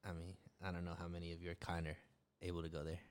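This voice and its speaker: A man's voice: low-pitched, completely flat delivery, quick pace, clear, resonant tone. A man co-hosting a podcast, making wry, offhand remarks in casual chat. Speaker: podcast co-host.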